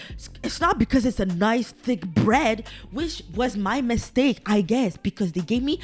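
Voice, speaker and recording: A woman's voice: on the high side, sing-song, measured pace, faint music behind. A young adult woman hosting her own podcast, ranting casually with lots of swearing and side tangents. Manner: swears a lot, ranty and digressive; exasperated, exaggerated complaining. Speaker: podcast host. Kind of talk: casual solo podcast rant.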